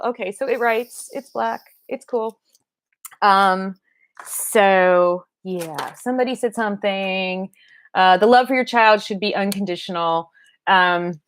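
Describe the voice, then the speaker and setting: Halting, rambling middle-aged woman on a livestream. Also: mid-range voice, lively intonation. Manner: rambling, halting, with many fillers and restarts. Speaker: doll vlogger and parent. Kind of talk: casual livestream chat. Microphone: livestream webcam mic.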